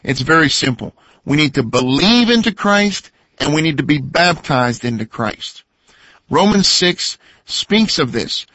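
A man co-hosting a radio teaching program, explaining points in an earnest, measured way, heard on a slightly dull lo-fi recording. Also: on the high side, animated, bright, forceful tone, dry recording. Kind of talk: scripted teaching talk.

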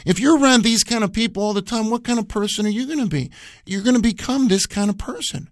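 A man's voice: high voice, quick pace, no room sound, clean studio sound. A man co-hosting a radio Bible program, teaching in an earnest, emphatic, repetitive preacher's manner.

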